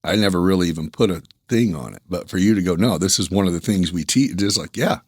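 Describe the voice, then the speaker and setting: A man's voice: low voice, quick pace, darkish tone, husky, dry recording, clean studio sound. A man hosting a podcast, chatting casually and easygoing, swearing now and then and laughing often. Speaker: podcast host. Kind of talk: casual interview chat.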